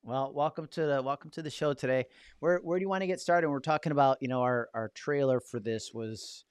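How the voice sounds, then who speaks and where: A man's voice: mid-range voice, a little fast, clear, resonant tone, no room sound, clean studio sound. Upbeat male host with Rochester accent. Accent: Rochester, New York. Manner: upbeat, asks questions, repeats words. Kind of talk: casual interview hosting.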